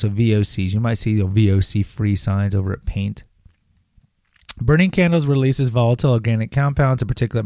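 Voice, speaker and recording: A man's voice: mid-range voice, vocal fry, darkish tone, no room sound, clean studio sound. A man hosting a podcast, reading material aloud and breaking off into rambling, sarcastic asides. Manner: rambling, sarcastic asides, reads then riffs. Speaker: podcast host. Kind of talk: casual commentary on health topics.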